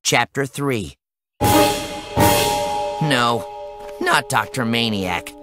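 A man narrating a children's story in the first person, expressive and animated. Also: mid-range voice, drawn-out words, loud music behind the voice. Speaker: audiobook narrator.

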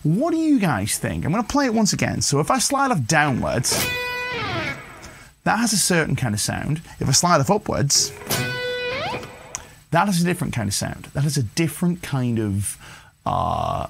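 A man's voice: on the high side, moderate pace, gravelly, pauses often. A man hosting a guitar lesson livestream, chatty and encouraging, reading viewer comments as he plays. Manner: relaxed, chatty, encouraging, addresses viewers as "you guys". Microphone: livestream mic with guitar playing. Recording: guitar music faintly behind.

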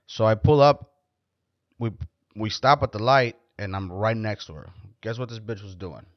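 A man's voice: lowish voice, moderate pace, dry recording. Profane, rambling man in a dull lo-fi recording. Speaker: podcast host. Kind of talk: casual storytelling podcast chat.

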